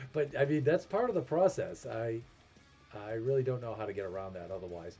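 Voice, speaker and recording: A man with a New England accent streams a game with music playing behind him, chatting casually, thinking aloud and poking fun at himself. His mid-range voice is warm and expressive at a normal speed.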